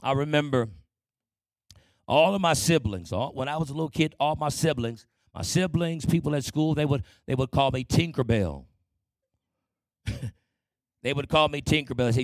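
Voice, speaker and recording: A man shares his testimony before a congregation, speaking in a conversational storytelling way and often pausing to ask for an amen. His voice has a gravelly edge. The sound is dry and close. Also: a little high, dry recording.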